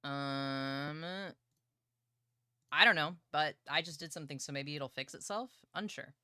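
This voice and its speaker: Young woman, livestreamer, excitable, playful chat, lowish pitch, dry close mic. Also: measured pace, no room sound. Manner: excitable, playful, swears casually. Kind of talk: casual livestream chat about books. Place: partner's home streaming setup.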